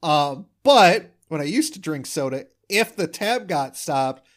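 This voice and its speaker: Animated man recapping a cartoon episode. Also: on the high side, measured pace. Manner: animated, acts out quoted lines. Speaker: podcast co-host. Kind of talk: casual chat.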